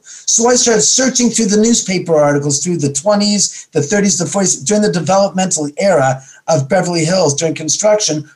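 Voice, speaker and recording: A man from Los Angeles, a guest in an interview, telling rambling stories and quoting other people's lines back and forth. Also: high voice. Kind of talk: casual interview storytelling.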